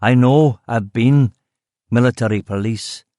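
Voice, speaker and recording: A man's voice: medium pitch, unhurried, dark tone, no room sound, clean studio sound, close to an everyday voice. A man voicing a grizzled, blunt detective chief of about fifty, with a faint Scottish accent. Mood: gruff, weary. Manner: blunt, gruff, swearing.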